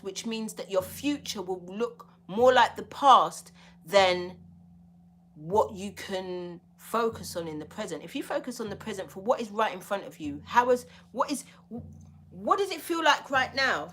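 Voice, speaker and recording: A woman's voice: medium pitch, fairly bright tone. A woman giving a spiritual tarot reading, talking bluntly and emphatically with a lot of swearing. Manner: blunt, profane, emphatic preaching.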